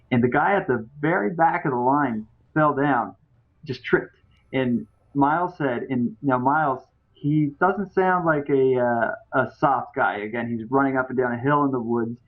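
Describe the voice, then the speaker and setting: A man hosting a podcast, telling a story in a loose, chatty way with many fillers and restarts. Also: mid-range voice. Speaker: podcast host. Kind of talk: casual storytelling. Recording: tinny phone-like audio.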